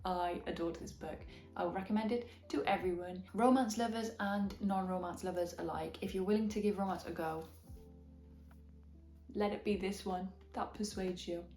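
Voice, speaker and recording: A woman's voice: fairly low pitch, moderate pace. A young Welsh woman with a slight Midlands twang, chatting frankly and enthusiastically as she reviews books. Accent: Welsh, with a slight English Midlands twang. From Wales. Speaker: book vlogger. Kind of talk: casual book review. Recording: echoey room with soft background music.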